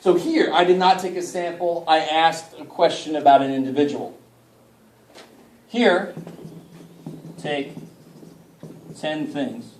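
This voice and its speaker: A man's voice: a little high, slow, pauses often, a little mellow, distant mic, a little hiss or hum. A man teaching a college math class in a loose, joking way, with mild swearing and frequent calls for the class to help him out. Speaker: math instructor. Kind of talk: casual classroom lecture. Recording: echoey room picked up from afar.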